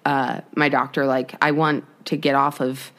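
A woman's voice: very deep voice, little pitch movement, moderate pace, fairly bright tone. A young woman co-hosting a podcast in casual chat, candid and rambling, swearing freely. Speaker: podcast co-host.

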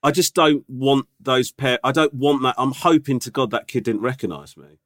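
A man's voice: medium pitch, moderate pace, fairly bright tone, dry recording, studio quality. A man in his forties telling a story in casual podcast chat, exasperated and swearing freely. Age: 40s. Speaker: podcast co-host.

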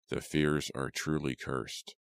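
A haunted, dying older father murmurs his last words in a weak voice, as a man reading a storybook puts him on. The voice is very deep, quiet and dry. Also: steady tone, slow, smooth, dry recording, heavily acted. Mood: broken.

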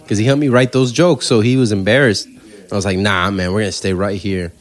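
A man, a stand-up comedian telling stories on a podcast in a casual, animated way, swearing freely. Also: fairly low pitch, a little fast. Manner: animated storyteller, swears freely, acts out quoted voices.

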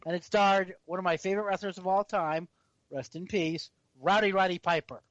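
A man with a fairly high voice teases and goads his way through a casual podcast chat. His recording is dry and slightly dull, as if a lo-fi mic picked it up. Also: fairly even intonation, normal speed, dry recording. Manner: teasing, goading. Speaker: podcast co-host.

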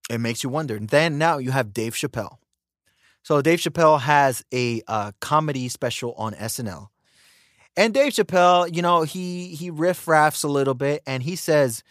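An American man talks through a casual podcast rant in an emphatic, animated way, hammering words through repetition. His pitch leaps and dips constantly and sits a little high for a man. The recording is close and dry, with no room sound. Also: moderate pace, no room sound. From United States. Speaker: podcast host. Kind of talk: casual ranting monologue.

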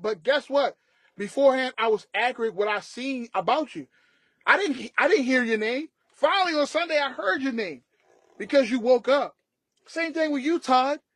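A man's voice: extremely high pitch, a bit bright, dry recording. A man co-hosting a sports podcast, ranting emphatically in casual talk. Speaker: podcast co-host.

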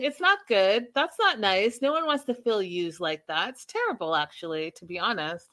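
Bright-voiced, chatty woman host. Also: mid-range voice, lively intonation, moderate pace, few pauses. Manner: chatty, addresses viewers directly. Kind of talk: live reality-show recap chat.

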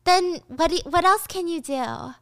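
Lady doing a girl acting clueless, light high voice, asking dumb questions. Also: normal speed, dry recording, clean studio sound. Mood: mock innocent. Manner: feigned naive questioning. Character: young woman playing dumb, mock-innocent.

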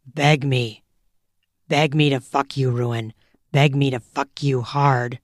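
A woman voicing a dominant young man who gives orders in a low, firm tone. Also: steady tone, slow, dry recording, clean studio sound. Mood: commanding.

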